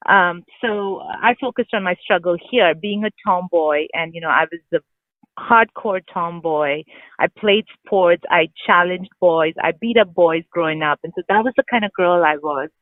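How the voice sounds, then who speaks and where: A woman's voice: fairly low pitch, moderate pace, dry recording. A woman from India with an Indian English accent with British touches, a guest author chatting candidly in an interview, full of fillers and restarts. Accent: Indian English with British influence. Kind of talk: casual interview chat. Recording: dry phone-line sound.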